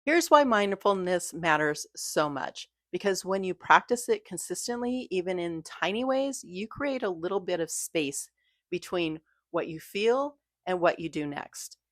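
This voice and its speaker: A woman giving a gentle, reassuring scripted talk about mindfulness, coaching her listeners. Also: lowish voice, lively intonation, measured pace, no echo, clean studio sound. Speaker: mindfulness creator.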